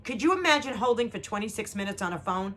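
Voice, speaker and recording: Dramatic storytelling mother, lively voice. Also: mid-range voice, fast talker. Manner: dramatic, acts out voices, addresses viewers. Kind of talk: animated storytelling chat. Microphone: two cameras.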